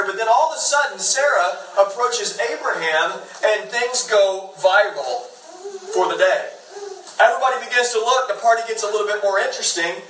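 A man in his thirties delivers a sermon in a loose, conversational way, slipping in jokes and side stories. His voice sits high and sounds forceful and bright. The mic is some distance away in an echoey room with faint ambience behind. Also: moderate pace, slight background noise. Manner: conversational and joking, with lots of asides. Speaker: pastor. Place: church sanctuary.

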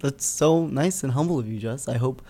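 A man's voice: mid-range voice, normal speed, warm tone. A man co-hosting a casual podcast, teasing his partner, laughing often and swearing casually. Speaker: podcast co-host. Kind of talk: casual chat.

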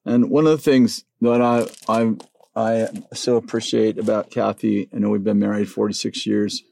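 A man's voice: normal speed, gravelly. A man in his sixties, a business owner, telling a family story in casual conversation and acting out the voices of others. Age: 60s. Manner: animated storyteller, acts out voices in a high pitch.

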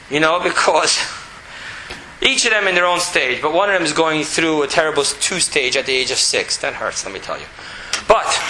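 A middle-aged man teaching a spoken Torah class, animated and repetitive, sometimes dropping to a quiet, even monotone. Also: high voice. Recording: roomy echo with faint background noise.

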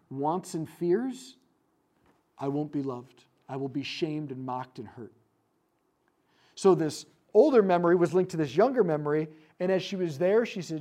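A man teaching a group, telling a story about inner-healing prayer and dropping to hushed tones for quoted prayers. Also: fairly high pitch. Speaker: speaker leading a prayer ministry session.

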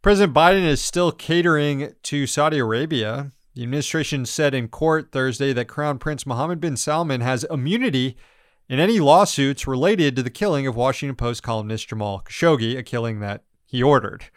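A man's voice: medium pitch, brisk, clear, resonant tone, no room sound, clean studio sound. A man co-hosting a news podcast, reading headlines and riffing on them with sarcastic, profane commentary. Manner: sarcastic, profane, mocking voices of officials. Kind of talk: casual political commentary.

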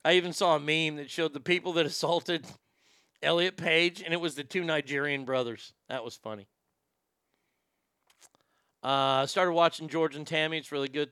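Brief: sarcastic male host, bright crisp voice, dry close mic. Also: a little high, no echo. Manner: sarcastic, dismissive, stumbling restarts. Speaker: podcast host. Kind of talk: opinionated talk show monologue.

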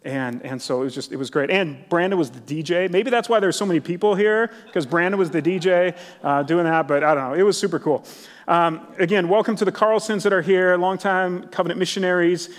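Middle-aged male pastor, high-pitched, chatty and excitable preaching in a church with lingering echo. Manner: casual, enthusiastic, many "like" fillers. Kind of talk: sermon. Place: church sanctuary. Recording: long church hall reverb.

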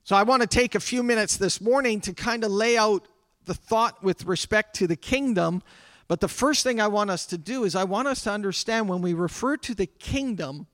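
A pastor with a high, fairly bright voice preaches to his congregation in a church sanctuary at normal speed, with no room sound. His sermon is conversational, with asides to the people in the room.

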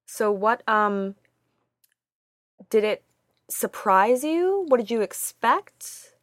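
A young woman co-hosting a casual home podcast with her father, relaxed and giggly. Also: a little high, slow pace, no room sound, clean studio sound. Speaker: podcast co-host.

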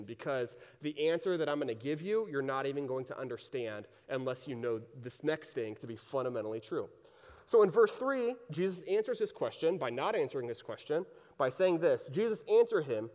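A man with a fairly high speaking voice delivers a sermon in a loose, chatty manner, rephrasing old texts in plain modern talk. His voice rings out with a long reverb tail, as if filling a big hall. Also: big pitch swings, a little fast, a little mellow. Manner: casual, conversational preaching, paraphrasing scripture in everyday speech. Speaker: pastor.

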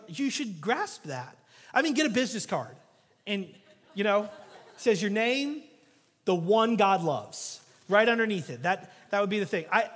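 Guest pastor, male, higher-pitched, animated sermon delivery in a reverberant sanctuary. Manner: animated storytelling with jokes, swinging from loud to hushed.

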